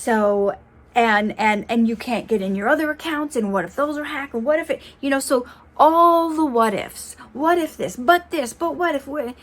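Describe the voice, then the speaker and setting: A young woman with a slightly high voice talks straight to her viewers in a casual motivational vlog. She is earnest and encouraging, speaking about faith and trust. Her sentences often restart as she gathers her thoughts. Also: normal speed. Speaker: motivational vlogger.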